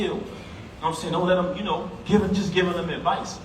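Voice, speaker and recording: A man's voice: sits high, steady tone, fairly quick. Man giving an emphatic eulogy in an echoey hall. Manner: emphatic, conversational, addresses the crowd directly. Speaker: eulogy speaker at a funeral. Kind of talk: heartfelt public eulogy speech. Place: funeral service hall. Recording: echoey hall, voice from a distance, background noise.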